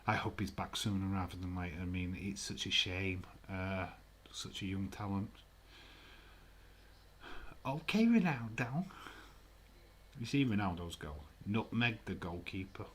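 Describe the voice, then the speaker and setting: A man's voice: low voice, steady tone, normal speed, few pauses, fairly bright tone, a little hiss or hum. A man hosting a live stream, chatting casually in a rambling way, swearing freely and reading viewer comments aloud. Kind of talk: casual watch-along chat.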